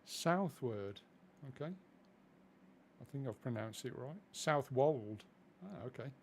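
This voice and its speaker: A man's voice: medium pitch, lively intonation, brisk, gravelly, darkish tone, a little hiss or hum. Chatty, easily distracted man streaming a flight sim. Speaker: streamer playing a flight simulator. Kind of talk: casual live-stream commentary.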